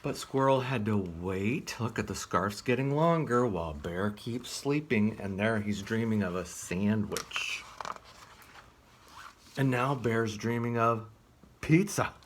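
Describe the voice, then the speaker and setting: A man reading a picture book aloud as a children's librarian, gently asking the listener questions. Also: on the low side, expressive, takes it slowly.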